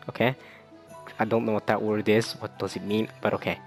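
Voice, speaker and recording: A young man giving casual let's-play commentary, excitable and stammering, repeating himself as he talks. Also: lowish voice, moderate pace, faint music behind. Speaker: gaming video creator.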